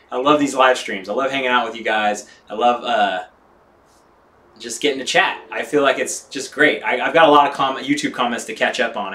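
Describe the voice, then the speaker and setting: A man's voice: medium pitch, fairly bright tone. A man hosting a casual live stream while working on his bike, rambling and swearing casually as he reads chat aloud.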